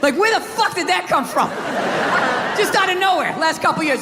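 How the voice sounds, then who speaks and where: A man doing a stand-up comedy set, ranting loudly and profanely, often shouting, on a large outdoor amphitheater stage with a handheld mic. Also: very high-pitched, lively intonation, moderate pace, heavy background noise. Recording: echoey live venue with roaring crowd. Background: audience laughing and cheering.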